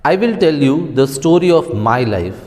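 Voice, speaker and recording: A male teacher reading the lines of a relaxed, witty man from a play, in a long-reverb recording. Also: fairly high pitch, moderate pace. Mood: calm ironic. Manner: read aloud plainly from the textbook.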